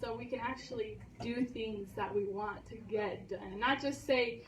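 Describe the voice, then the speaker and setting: Young woman, earnest and a bit halting, sounds far off in a roomy hall. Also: a little high, slight background noise. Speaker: graduating student. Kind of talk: short graduation speech. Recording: echoey room, voice from a distance.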